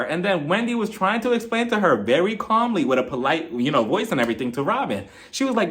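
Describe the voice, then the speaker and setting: A young man with a high, very lively voice, talking through a reality show episode in a casual, sassy way. He swings his pitch all over the place, acts out what the cast members say, and chuckles as he goes. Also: quick pace. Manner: animated, acts out the cast's lines in quotes; chuckles often, playful and sassy. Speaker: reality TV recap vlogger. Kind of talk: casual episode review commentary.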